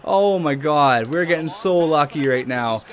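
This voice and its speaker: A man's voice: fairly high pitch, expressive, a little slow. Hyped young man commentating a hockey game. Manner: hyped, swearing, trash-talking, laughing bursts. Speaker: gaming YouTuber.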